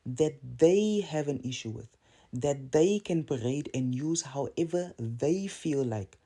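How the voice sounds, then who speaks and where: Earnest South African man, dark voice. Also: a little high, animated, a little slow. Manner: earnest, rhetorical, drawing out repeated phrases. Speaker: video commentator. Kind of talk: casual opinion monologue.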